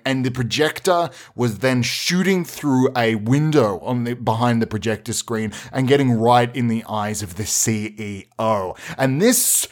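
A man hosting a podcast, telling a rambling, absurd comic anecdote with restarts and mock-serious asides. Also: mid-range voice. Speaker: podcast host. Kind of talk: improvised comic storytelling.

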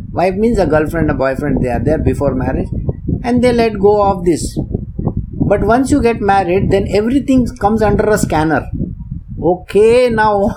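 High-voiced man teaching. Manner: explanatory, acts out little dialogues. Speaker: spiritual teacher. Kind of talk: devotional discourse. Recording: noisy recording with clicks.

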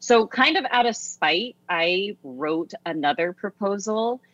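A woman's voice: mid-range voice, expressive, a little slow, a bit bright, no room sound. A woman in her forties, a teacher and author, talking through her own story in an earnest, reflective interview. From United States. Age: 40s. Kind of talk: casual reflective interview talk. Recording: slightly dull, dry recording.

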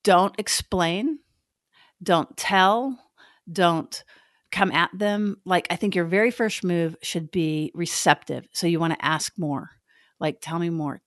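A woman therapist co-hosting a podcast, giving frank, animated advice in a casual conversational way. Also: lowish voice, takes it slowly, no echo, clean studio sound. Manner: frank, animated, self-deprecating.

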